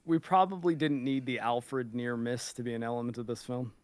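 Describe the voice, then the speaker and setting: A man's voice: mid-range voice, fairly even intonation, dry recording. Mild-mannered man on a dry mic. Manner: measured, mild, easy laughs. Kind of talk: casual film-breakdown chat.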